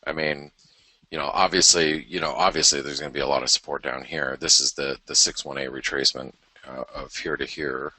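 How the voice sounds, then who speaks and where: A man's voice: extremely low pitch, steady tone, brisk, sharp tone, breathy edge, dry recording. A man hosting a live market show, casually talking through charts as he thinks aloud, with self-deprecating asides. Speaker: forex market commentator, show host.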